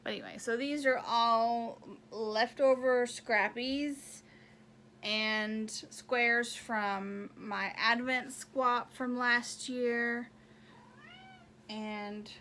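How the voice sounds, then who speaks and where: Chatty high-voiced woman, slow and bright. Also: fairly even intonation, a little hiss or hum. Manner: chatty, rambling, counts stitches aloud. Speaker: knitting podcast host. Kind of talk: casual show-and-tell chat.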